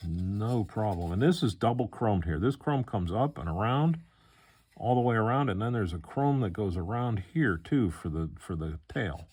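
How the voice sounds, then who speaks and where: An older man chatting casually as he unboxes a model car kit, relaxed and rambling, with lots of fillers. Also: on the low side, moderate pace, slightly rough.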